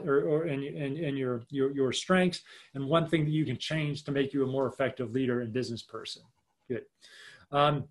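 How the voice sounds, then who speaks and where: Man, slightly high voice, leadership coach, casual workshop teaching, acts out examples, video call. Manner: chatty and informal, acts out quick example lines. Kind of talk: live online workshop teaching.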